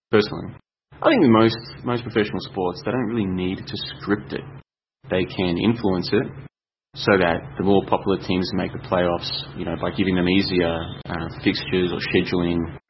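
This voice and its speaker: A young Australian man talks on his own show in a loose, rambling way, circling back on his points with plenty of fillers. His voice sits a little low. The recording is dull and lo-fi, with a faint hiss behind him. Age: young adult. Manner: rambling, chatty, thinks aloud with fillers. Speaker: podcast host. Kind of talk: casual solo talk. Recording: dull lo-fi sound with faint noise.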